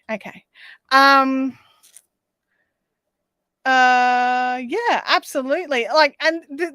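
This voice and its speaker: Bright-voiced woman chatting live. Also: high voice, no room sound, studio quality. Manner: chatty, reads out and answers chat comments; rambling with frequent ums and restarts. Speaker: livestream host. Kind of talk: casual live-stream chat.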